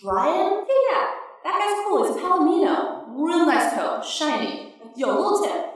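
A woman's voice: very high-pitched, sing-song, a little slow, voice pushed up, exaggerated voice. A woman voicing a brash, rambling young male stand-up comedian doing loose, jokey crowd-work banter. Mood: riffing. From China. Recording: echoey, distant mic.

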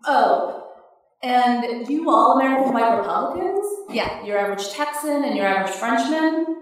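A woman's voice: a little high, expressive, moderate pace, close to an everyday voice. Woman doing a brash young male stand-up comic. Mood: teasing. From China. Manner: loose, jokey crowd-work banter. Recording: echoey, distant mic.

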